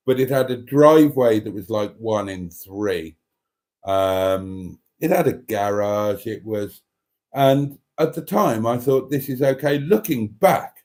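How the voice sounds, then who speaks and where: Rambling, lively middle-aged man. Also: lowish voice. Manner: chatty, rambling, jokey, with many fillers. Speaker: livestream host. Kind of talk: casual livestream chat reading comments.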